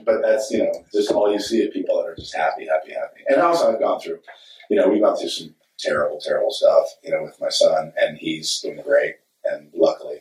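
A man's voice: low voice, darkish tone. Man, middle-aged, candid rambling storyteller, panel talk, echoey hall, mic far off. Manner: candid, rambling, laughs readily. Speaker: actor and director at a fan convention panel.

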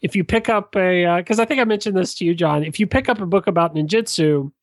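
A man's voice: sits high, quick pace, no room sound. A man co-hosting a casual podcast chat, making dry, sarcastic points padded with fillers. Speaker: podcast co-host.

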